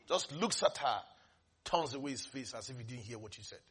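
A man preaching a sermon, animated, breaking into shouts and laughs between hushed asides. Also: medium pitch, fairly quick, slightly rough.

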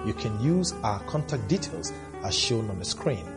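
A man calmly leading a closing prayer of salvation as a preacher. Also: on the low side, normal speed. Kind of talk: closing altar-call prayer. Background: guitar music.

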